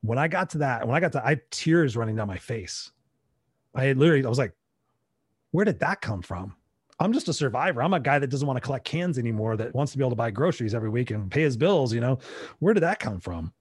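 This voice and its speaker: A man's voice: medium pitch, racing, breathy edge, no room sound, clean studio sound. A middle-aged American man telling a personal story in conversation, animatedly acting out his own past dialogue. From United States. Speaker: interview guest.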